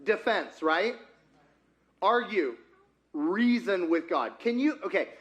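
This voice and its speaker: A man's voice: high-pitched, lively intonation, slow, fairly bright tone, dull audio. A man preaching an interactive sermon who talks with his congregation and acts out conversations with God. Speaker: pastor.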